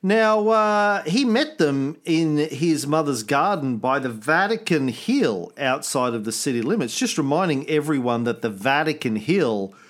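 A man's voice: a little high, expressive, unhurried, few pauses. A man hosting a casual history podcast, explaining at length, reading quotes aloud and joking. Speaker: podcast host telling Roman history.

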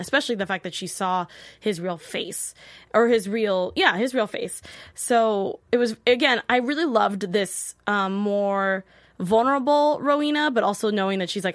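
A woman hosting a casual TV episode recap, chatty and animated, often acting out characters' lines. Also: medium pitch, normal speed, no room sound. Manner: chatty, peppered with "like". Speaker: host.

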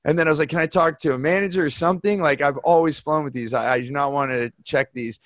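A man's voice: on the high side, quick pace, a bit bright, dry recording. A man hosting a casual conversation, telling a long personal story in a candid, rambling way.

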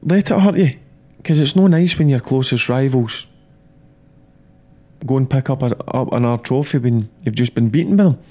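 A middle-aged man, a former player, talking football in a blunt, animated, repetitive way. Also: medium pitch, normal speed. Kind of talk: casual football chat.

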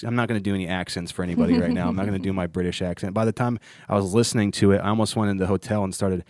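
A man's voice: sits low, steady tone, very fast, a little mellow, no echo, clean studio sound. A comedian hosting a casual podcast chat, rambling and restarting his sentences often. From Ohio, United States. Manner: rambling with frequent restarts and stammers. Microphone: studio mic.

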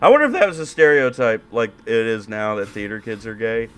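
A man's voice: lowish voice, normal speed, fairly bright tone, clear, resonant tone. A man co-hosting a podcast in casual chat, sarcastic and crude. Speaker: podcast co-host.

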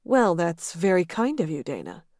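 A woman reader voicing a confident, flirtatious male executive with a calm, amused drawl. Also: on the low side, moderate pace, no room sound, studio quality.

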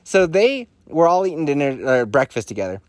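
Animated, laughing man with a lively voice. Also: fairly high pitch, a little fast, no echo, clean studio sound. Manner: profane, laughs often, animated storytelling. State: congested sinuses. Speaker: podcast host. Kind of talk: casual comedic monologue.

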